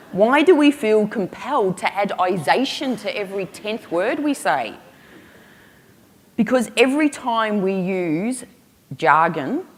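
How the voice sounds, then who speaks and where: A woman speaks from the stage in a low, grounded voice. Her delivery is punchy and humorous, leaning on emphatic rhetorical questions. The sound carries a long reverb from a large hall. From Australia. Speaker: keynote speaker. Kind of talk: storytelling keynote speech.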